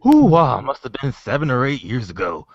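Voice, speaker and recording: A man voicing a gruff old male storyteller, spinning a tall tale in a deep, folksy drawl. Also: huge pitch swings, normal speed, dry recording. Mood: boastful. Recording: dull lo-fi podcast audio.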